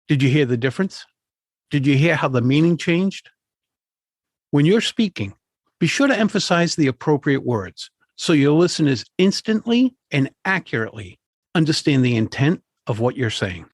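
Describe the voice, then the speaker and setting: Male podcast host, speaking coach type; slightly husky, animated intonation, deliberate stresses. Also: fairly high pitch, no echo, clean studio sound. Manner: clear, deliberate delivery with marked word emphasis. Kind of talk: scripted instructional podcast.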